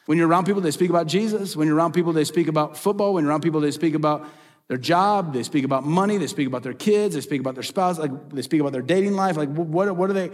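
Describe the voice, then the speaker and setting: A middle-aged pastor with a slightly high voice races through an emphatic sermon in a church sanctuary. Repeated phrases and rhetorical questions fill his preaching, echoing in the long reverb of a large hall.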